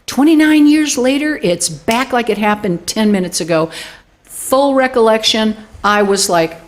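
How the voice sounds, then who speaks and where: A woman's voice: fairly high pitch, lively intonation, unhurried. A woman in her sixties, a guest in an interview, telling a personal story with animation and acting out the quoted dialogue. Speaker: guest, UFO group director.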